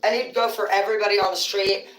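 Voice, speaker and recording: A woman's voice: medium pitch, steady tone, fast. A woman hosting a casual livestream, telling rambling stories full of swearing. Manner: rambling, profane storytelling. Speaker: livestream host. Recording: roomy sound from a distant mic.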